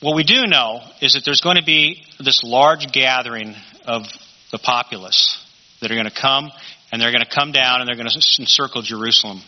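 A man's voice: mid-range voice, fairly quick. A man teaching a Bible study in a conversational sermon style, often asking rhetorical questions. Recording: dull lo-fi recording.

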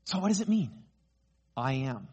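Man, preacher, higher-pitched voice, emphatic, deliberate sermon. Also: slightly rough, dull audio. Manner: emphatic, slows down for key phrases, rises in pitch when excited. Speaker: pastor.

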